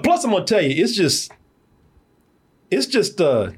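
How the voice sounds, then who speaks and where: Male podcast host, slightly high voice, very lively delivery, casual review banter. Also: measured pace, slightly rough. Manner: animated, laughs a lot, repeats words, says "man" often. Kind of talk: casual movie review chat.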